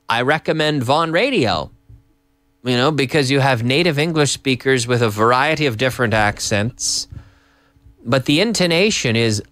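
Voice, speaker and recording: A man's voice: medium pitch, dry recording. A man teaching English in a live-streamed lesson, his voice rising and falling with lots of movement. He circles back and restarts phrases, mixing in bits of Spanish. The sound is close and dry, with little room around it. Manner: animated, repeats and restarts, slips in Spanish phrases. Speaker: English teacher and show host. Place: office with English classes.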